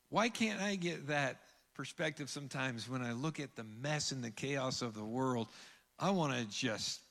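Earnest preacher man in a reverberant hall. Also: mid-range voice. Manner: earnest, rising to emphatic peaks and dropping to hushed lines. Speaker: pastor. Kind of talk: sermon. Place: church sanctuary.

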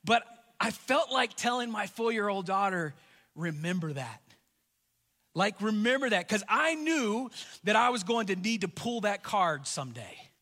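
A man's voice: high-pitched, animated, normal speed, pushed and bright, big-room sound. A man in his thirties preaching a sermon, telling a family story in a conversational way and repeating key lines for emphasis. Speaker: pastor.

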